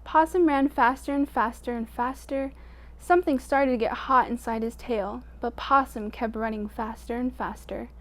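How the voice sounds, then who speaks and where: Woman storyteller, slightly high voice, reads aloud to kids, lively with soft hushes. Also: moderate pace. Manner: expressive, drops to a hush at quiet moments. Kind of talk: reading a picture book aloud to children.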